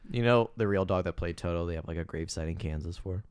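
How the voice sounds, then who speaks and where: A man's voice: sits low, fast talker, a little mellow, smooth, no echo. A man co-hosting a podcast in casual chat, recapping a movie with laughing, sweary jokes and asides. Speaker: podcast co-host.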